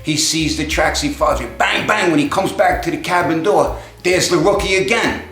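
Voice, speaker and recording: A man telling a string of jokes, acting out each character's lines with lively voices. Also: a little high, moderate pace, echoey room, soft background music. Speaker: joke teller.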